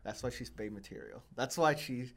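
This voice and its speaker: A young man chatting casually on a podcast, wandering from story to story and poking fun at himself. His voice sits at an ordinary middle pitch, and his talk is full of fillers and restarts. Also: normal speed. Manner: rambling, self-deprecating storytelling with many fillers. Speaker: podcast host. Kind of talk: casual chat.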